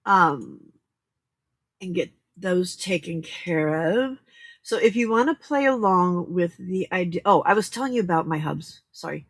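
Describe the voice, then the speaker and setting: Woman livestream host, slightly husky voice, chatty and giggly, touch of Southern drawl, casual crafting chat. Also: lowish voice, expressive, measured pace. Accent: Southern US drawl at times. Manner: chatty, giggly, greets viewers by name.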